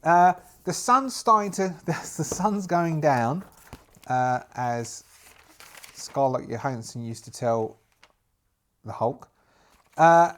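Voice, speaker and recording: A man narrating a solo tabletop game in a rambling, self-amused way, restarting often. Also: medium pitch.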